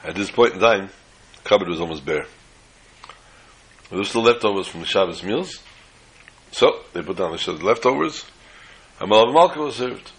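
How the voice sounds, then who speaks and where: A man telling a folk story in an animated way, slipping in Yiddish phrases. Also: fairly low pitch, moderate pace, long pauses, husky, rough recording.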